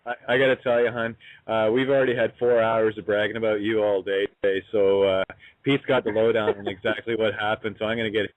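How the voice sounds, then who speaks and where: A man hosting a talk show who speaks haltingly with many fillers and breaks in on his guest. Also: lowish voice, level tone, no room sound. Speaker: host. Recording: tinny phone line.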